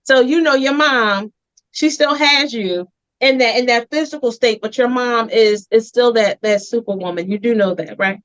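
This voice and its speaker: A woman's voice: on the high side, moderate pace, fairly bright tone, dull audio. A woman host and community advocate with a Philadelphia accent, telling a heartfelt story in an earnest, emphatic way on a TV interview show.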